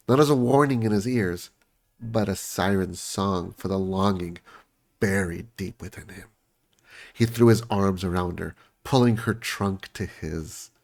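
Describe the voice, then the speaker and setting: Game streamer, man, low-pitched, chatty and amused. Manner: chatty, amused, laughs often. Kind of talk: casual gameplay commentary.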